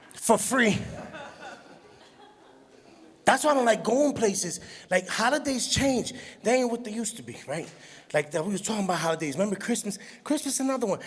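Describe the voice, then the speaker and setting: Telling animated stand-up stories, a middle-aged comedian of Puerto Rican heritage slips into shrill, high shrieks whenever he acts out his mother. The recording carries the long reverb of a show hall.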